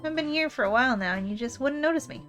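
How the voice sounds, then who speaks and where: A relaxed cave dweller who teases a newcomer in an easygoing tone, read aloud by a woman. The voice sits slightly high. Quiet game music hums in the background. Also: quick pace. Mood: teasing.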